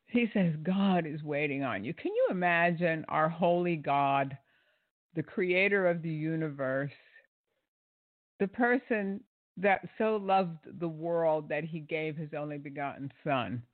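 A man with a fairly high voice picks apart a preacher's fundraising, sarcastic and indignant, full of "uh" and restarts. His audio is dry and thin, like a phone line. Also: a little slow, dry recording. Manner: indignant and sarcastic, with many fillers. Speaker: commentator. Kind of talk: critical commentary on a sermon clip.

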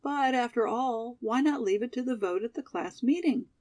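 A woman's voice: fairly high pitch, normal speed, darkish tone, voice pushed up, lightly acted. A woman voicing a modest, loyal young college girl who flushes with embarrassment, in a storybook reading. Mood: earnest. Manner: embarrassed, loyal, sometimes hot.

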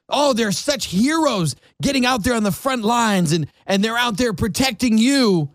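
A man's voice: high voice, fairly bright tone, no echo. A man hosting a conservative morning talk radio show from a windowless studio, delivering an opinionated, sarcastic monologue. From Florida. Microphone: studio microphone.

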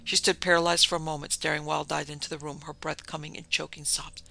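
A man narrating a dark tale in a vivid, dramatic storybook reading. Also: a little high, level tone, fast, vocal fry.

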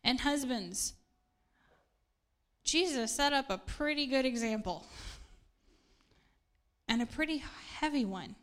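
A woman's voice: high voice, animated, slow, long pauses. A middle-aged woman pastor, preaching a casual sermon in an earnest, chatty way and laughing at herself now and then.

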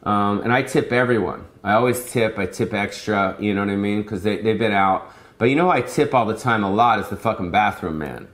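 A man's voice: on the low side, a little fast, fairly bright tone. A man giving a rambling, profane comedic rant in a casual, repetitive way. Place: Las Vegas.

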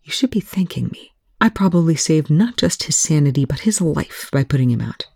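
A reader voicing a calculating male military officer who rasps out defensive, abrasive retorts. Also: fairly high pitch, lively intonation, fairly quick, darkish tone, no room sound, clean studio sound, heavily acted. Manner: rasping, defensive.

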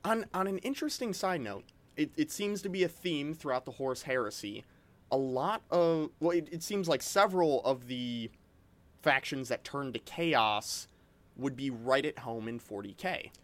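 A man's voice: mid-range voice, expressive, moderate pace. A man co-hosting a podcast, chatting casually and eagerly, often restarting his sentences and saying "like". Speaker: podcast co-host. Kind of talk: casual chat.

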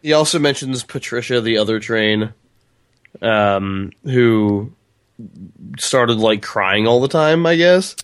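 A man's voice: medium pitch, expressive, slow, clear, resonant tone, dry recording, clean studio sound. A man co-hosting a casual podcast chat about a book, loose and profane, laughing often. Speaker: podcast co-host.

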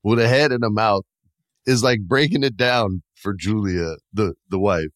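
A lower-pitched man chatting as a podcast co-host about a horror film. He tells the story with animated energy and jumps into exaggerated voices for the characters. The sound is dry and close. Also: moderate pace, dry recording. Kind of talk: casual chat.

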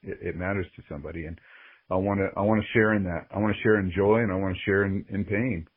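A man's voice: low voice, steady tone, fast talker, breathy edge, dry recording. A man speaking as a podcast guest, earnest and openly emotional as he reflects candidly on his life. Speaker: guest, sports ring announcer. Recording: phone-like narrow-band audio.

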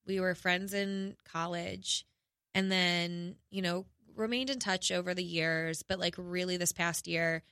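A woman's voice: lowish voice, gravelly, sharp tone, no room sound, clean studio sound. A young woman telling a personal story in a casual podcast chat, candid and emotional, with many fillers.

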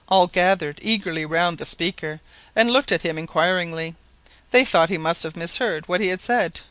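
Bright, high-voiced male audiobook narrator. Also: normal speed, dry recording. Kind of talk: scripted narration.

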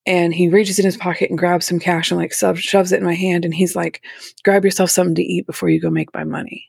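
A woman recounting a hard personal story in an interview. Her voice has a gravelly, fried edge, and her telling is candid and raw, with a few nervous laughs. The sound is dry and close, with no room around it. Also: fairly low pitch, level tone, fast, darkish tone, dry recording. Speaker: interview guest.

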